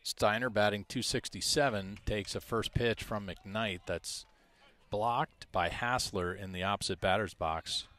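A man calling a high school baseball game play by play, reading out stats in a measured way. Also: bright, forceful tone. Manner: measured, stat-heavy, self-deprecating asides. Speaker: play-by-play announcer.

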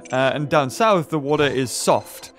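Chatty man, lively pitch. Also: a little slow, soft background music. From northern England. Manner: rambling and chatty, with many fillers and restarts. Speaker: gaming video host. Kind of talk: casual let's-play commentary.

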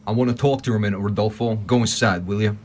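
A man playing a gruff Brooklyn dockworker. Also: fairly low pitch, steady tone, rapid-fire, a little mellow, lightly acted. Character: gruff protective Brooklyn longshoreman uncle.

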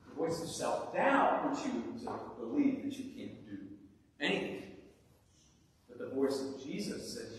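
A man preaching a sermon as pastor, with rhetorical questions and dramatic pauses, in a church sanctuary. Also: fairly high pitch, very animated, a little mellow, a little hiss or hum. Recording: echoey hall from far off.

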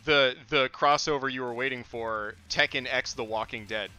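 A man co-hosting a game stream, troubleshooting and often muttering quietly to himself. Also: moderate pace, clear, resonant tone, faint music behind. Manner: distracted, mutters to himself at low level. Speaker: stream co-host. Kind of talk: casual gaming chat.

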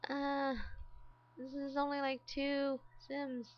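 Woman, let's play commentary, unhurried, exasperated, talks to the characters, dull lo-fi home recording. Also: high voice, monotone. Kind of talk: casual gameplay commentary.

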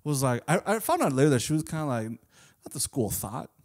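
A man's voice: mid-range voice, very animated, a little fast, a little mellow. A young adult man co-hosting a podcast, rambling through crude memories in loose, casual talk with swearing. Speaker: podcast co-host. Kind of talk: casual comedic storytelling.

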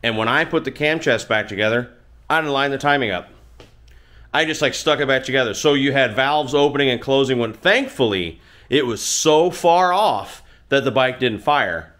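A man's voice: medium pitch, animated, normal speed, fairly bright tone. Middle-aged man, mid-range voice, casual rambling host, self-deprecating, recorded in a home garage. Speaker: motorcycle channel host. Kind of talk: casual storytelling to camera.

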